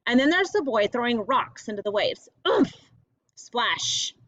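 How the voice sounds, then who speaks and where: A woman's voice: a little high, lively intonation, normal speed, fairly bright tone, dry recording. A woman reading a first-person audiobook in a plain, earnest storytelling voice. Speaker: audiobook narrator. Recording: dull lo-fi audiobook recording.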